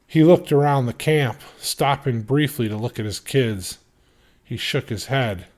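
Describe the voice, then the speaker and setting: A man reading a novel chapter aloud in steady, measured narration. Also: mid-range voice. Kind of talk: audiobook reading.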